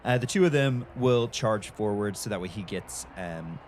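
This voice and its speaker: A man playing a tabletop game, lively and playful. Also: on the low side, normal speed, slight background noise. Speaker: player. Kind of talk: casual tabletop play.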